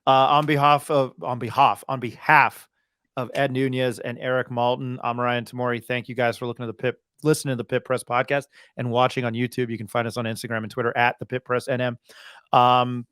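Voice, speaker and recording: A man's voice: medium pitch, fairly bright tone, clean tone, no room sound, clean studio sound. A man hosting a sports podcast, talking casually with many restarts and reeling off game scores. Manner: rambling, restarts and fillers, reels off scores. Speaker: podcast host.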